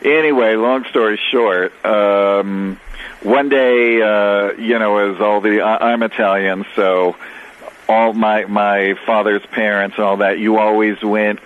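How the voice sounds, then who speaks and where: Low-voiced man rambling over a phone line. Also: fairly even intonation, slow pace. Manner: rambling, many fillers and restarts. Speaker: guest. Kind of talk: storytelling on a radio call. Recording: tinny phone line with faint noise.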